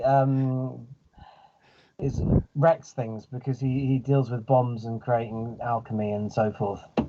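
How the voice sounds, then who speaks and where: A man playing in a tabletop game, explaining his character haltingly with many fillers. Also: medium pitch, level tone, highs cut off, noisy background. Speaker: player. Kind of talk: casual chat.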